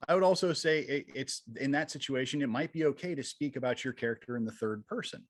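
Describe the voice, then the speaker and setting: A man chats on a panel in a conversational way, often restarting his sentences. His pitch is ordinary and the sound is close and dry. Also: quick pace, no echo. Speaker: filmmaker. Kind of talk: casual panel chat.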